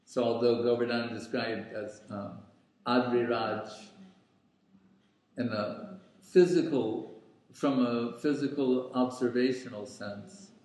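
Guy teaching scripture, super slow with lots of uhs, really echoey room. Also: medium pitch, steady tone, a little mellow. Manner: slow and deliberate, pausing with fillers. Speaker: spiritual teacher. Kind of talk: scriptural lecture.

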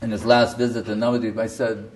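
A man's voice: fairly low pitch, flat delivery, a little fast, recorded from a distance, noisy background. A man preaching as a spiritual teacher, emphatic and storytelling. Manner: emphatic, storytelling, often laughing. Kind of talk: sermon.

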